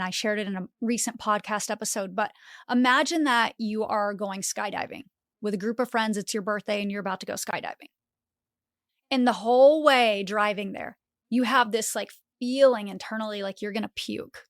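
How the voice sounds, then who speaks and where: Recorded cleanly in a studio without any echo, this motivational podcast host has a medium-pitched female voice. Her delivery is lively and full of "like," and she voices the inner thoughts she describes.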